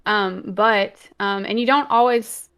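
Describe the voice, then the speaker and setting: A woman's voice: medium pitch, slow pace, clear, resonant tone. Chatty mother co-hosting a podcast. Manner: chatty, animated when quoting family, many "um"s. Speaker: podcast co-host. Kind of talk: casual chat.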